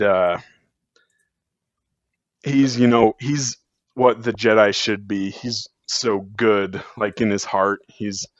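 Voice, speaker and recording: A man's voice: fairly low pitch, no echo. A man talking as a podcast guest in a rambling, casual way, full of fillers and restarts. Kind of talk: casual chat. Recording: dull lo-fi sound.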